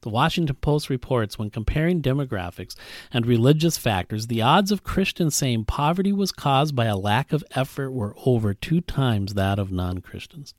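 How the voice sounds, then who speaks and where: A male pastor preaching, reading a story aloud and voicing its characters, earnest and dropping to a soft hush at tender moments. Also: expressive, moderate pace, no room sound, studio quality. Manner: reads a story aloud, voicing characters with big pitch jumps. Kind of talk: sermon with read-aloud story.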